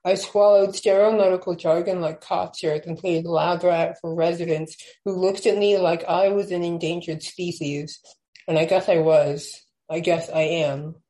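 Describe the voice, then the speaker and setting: Young adult woman, low warm tone; casual chat into measured poetry reading. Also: steady tone, low-quality recording. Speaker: podcast guest, poet.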